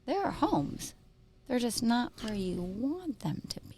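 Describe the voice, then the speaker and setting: A woman's voice: fairly high pitch, big pitch swings, a little slow, warm tone, a little hiss or hum. An Arizona-born woman co-hosting a casual real estate market chat, joking and restarting her sentences. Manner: chatty, joking, trails off and restarts.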